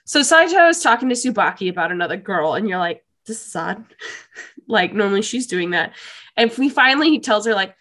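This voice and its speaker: A young woman co-hosting a podcast, recapping an anime episode in gushing, animated casual chat. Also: mid-range voice, brisk. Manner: gushing, animated storytelling with laughs. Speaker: podcast co-host.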